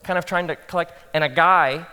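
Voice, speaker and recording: A man speaking to a room of pastors, telling funny stories from his own work and acting out his inner thoughts in a hushed voice. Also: fairly high pitch, a little fast, clean tone. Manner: animated storytelling, acts out quoted inner thoughts in hushed tones. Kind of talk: conference talk with humorous stories. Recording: long hall reverb.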